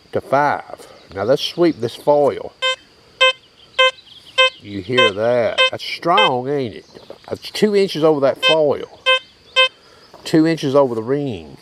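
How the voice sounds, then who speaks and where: Heard over very heavy noise, this high-voiced Tennessee host of a metal detecting channel gives a casual outdoor equipment demo. He drawls in a folksy manner and keeps checking in with listeners by asking "okay?" and "you hear that?"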